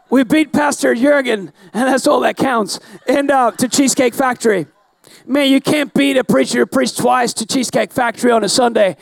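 A pastor telling a self-mocking story in an animated sermon, often breaking into shouts. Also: male voice, extremely high pitch, moderate pace, creaky, no echo. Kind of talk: storytelling sermon to a live audience.

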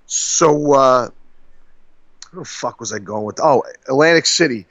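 A man's voice: medium pitch, lively intonation, measured pace, fairly bright tone, no echo. A man, co-hosting a podcast in casual chat, rambling profanely and laughing as he tells stories. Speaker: podcast co-host. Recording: dull, dry lo-fi sound.

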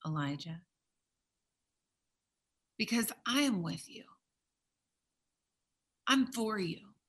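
A woman preacher voicing God as a gentle, calm male figure, speaking softly and low, at times in a whisper. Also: husky, heavily acted.

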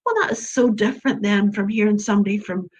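A woman's voice: mid-range voice, fast. An Irish woman talking as a storyteller guest in an interview, earnest and emphatic, repeating her points. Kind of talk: interview conversation.

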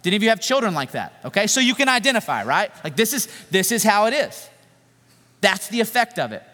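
A man preaching a sermon in an animated, joking, conversational way. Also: high-pitched, fast talker. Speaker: pastor. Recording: echoey hall reverb.

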